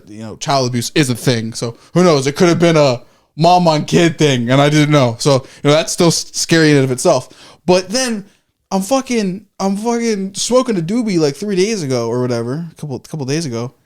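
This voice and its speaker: A man's voice: fairly high pitch, lively intonation, brisk. Podcast guy rambling through a story, keeps restarting, swears a lot, plays out his own reactions. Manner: rambling, self-correcting, swears freely; acts out his own reactions in quoted asides. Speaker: podcast co-host. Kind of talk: casual storytelling chat.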